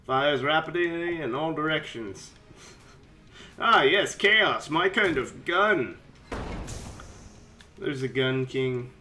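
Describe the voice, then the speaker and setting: A chatty man narrating his game playthrough in a rambling, offhand way, breaking into sudden excited yelps. His voice is bright and rather high, swinging widely in pitch, with a faint hiss of noise behind. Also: slow, pauses often. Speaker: game commentator. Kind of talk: casual let's-play commentary.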